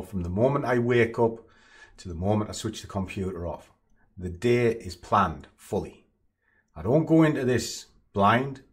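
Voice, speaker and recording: A man giving a blunt, no-nonsense motivational monologue as a trading coach. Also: on the low side.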